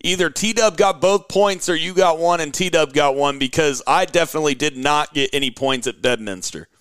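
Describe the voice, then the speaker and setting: Male talk host, smooth voice, dry close sound, friendly chat. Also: a little high, normal speed, fairly bright tone, no room sound. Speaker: sports talk show host. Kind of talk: casual radio talk chat.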